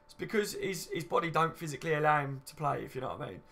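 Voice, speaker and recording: Fairly high-pitched with lively intonation, he talks fast, with vocal fry and a slightly bright tone. The late-twenties host of a casual fan livestream, he reads viewer comments in a chatty, matey way, swears casually, and says "you know what I mean" often.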